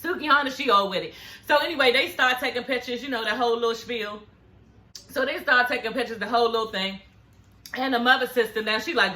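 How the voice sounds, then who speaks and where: A woman, giving a sassy, profane, animated recap of a reality show in casual chat. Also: on the high side, fairly quick.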